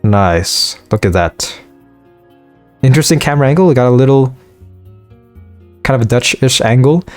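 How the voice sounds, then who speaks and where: A young man chats casually over a game as he plays. He pokes fun at himself and reads his hero's lines in the same easy voice. His pitch bounces around a lot, and faint game music runs underneath. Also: animated, moderate pace, long pauses, a little mellow. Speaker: let's-play gamer. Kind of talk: casual gameplay commentary.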